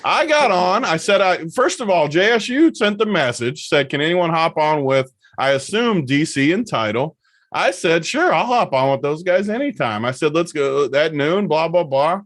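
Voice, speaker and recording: A man's voice: fairly high pitch, expressive, normal speed, fairly bright tone, no echo, clean studio sound. A man co-hosting a casual sports podcast, telling stories with mock exasperation.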